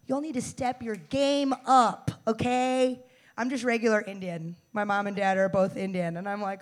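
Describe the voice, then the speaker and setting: A woman in her twenties from the United States performing a stand-up set, brash and profane, with loud bursts and mock-tough asides. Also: medium pitch, steady tone, moderate pace. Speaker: stand-up comedian.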